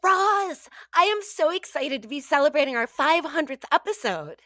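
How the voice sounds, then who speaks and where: High, lively female radio co-host. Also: moderate pace, no echo, studio quality. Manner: playful, deadpan jokes. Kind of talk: comedic radio banter. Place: radio studio.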